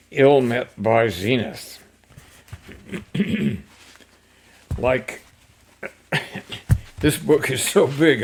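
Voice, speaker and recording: Guy reading poems out loud, slow, kinda gravelly, ums and throat clearing. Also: mid-range voice. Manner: unhurried, with fillers and throat-clearing. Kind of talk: poetry reading with casual asides.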